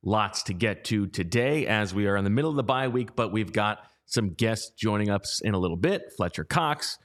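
A man's voice: on the low side, animated, normal speed. A man hosting a casual sports talk show, with a dry, teasing way of talking. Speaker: podcast host.

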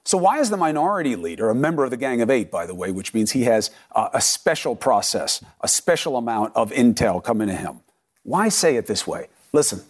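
A man's voice: medium pitch, big pitch swings, a little fast, breathy edge. A middle-aged man anchoring a cable news commentary segment, punchy and emphatic, firing off rhetorical questions.

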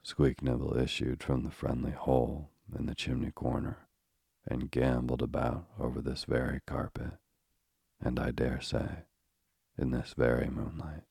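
A man voicing a dramatic little female mouse who tells a tale, in a slow, solemn way. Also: a bass voice, little pitch movement, gravelly, darkish tone, husky, no room sound, clean studio sound, exaggerated voice.

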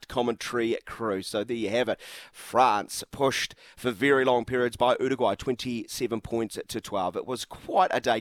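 A man's voice: medium pitch, fairly bright tone, no echo. A man hosting a sports radio show in a chatty, upbeat way with many fillers.

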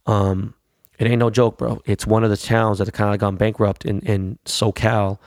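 Gravelly, profane man chatting casually. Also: lowish voice, flat delivery, normal speed, a little mellow, no room sound, clean studio sound. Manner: profane, slangy, rambling. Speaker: vlogger telling about his weekend. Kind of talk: casual chat.

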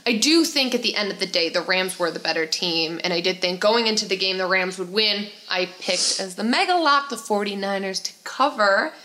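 Female podcast co-host, bright tone, opinionated football banter. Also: mid-range voice, brisk, hardly any pauses. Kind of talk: casual sports chat.

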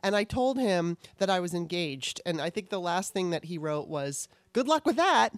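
A woman's voice: lowish voice, moderate pace, no echo. A middle-aged woman co-hosting a casual chat show, candid and rambling, swearing freely. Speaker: podcast co-host.

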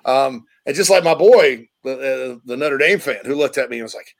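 A man's voice: medium pitch, moderate pace, few pauses. A man co-hosting a sports talk show, chatting casually and animatedly, sometimes slipping into playful accent impressions.

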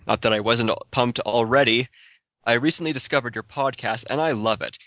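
Bright-voiced podcast co-host. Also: male voice, mid-range voice, brisk, no room sound. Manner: laughs easily, tells anecdotes. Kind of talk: casual podcast chat. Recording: dull lo-fi podcast audio, dry.

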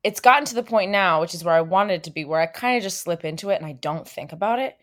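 A woman with a notably low voice talks casually as an interview guest about her stage work. She rambles warmly, full of fillers and restarts, in a chatty, easygoing way. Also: fast talker.

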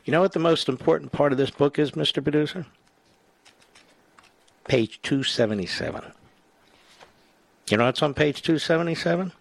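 An older man hosting a political talk radio show, sarcastic and combative, with jumpy rises in pitch. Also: moderate pace, gravelly, long pauses, no room sound.

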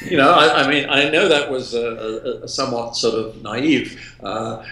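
A man's voice: medium pitch, moderate pace, sharp tone. An older man from England, a film director, reminiscing in an interview with lots of ums and restarts. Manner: rambling, with many ums and restarts. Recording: roomy echo.

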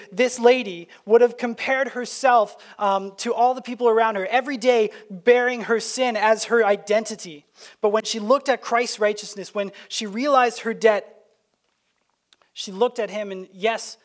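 A Canadian male pastor with a high voice delivers a sermon in a church sanctuary. His preaching is conversational and full of anecdotes, and he restarts his sentences often.

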